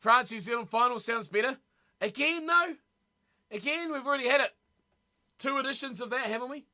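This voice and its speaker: A man hosting a live stream in an easy, chatty way. He talks to his viewers as if they were in the room, repeating words as he reacts. His voice sits high and has a sharp, bright edge. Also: fairly quick. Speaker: streamer reading live chat. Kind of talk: casual live-stream chat.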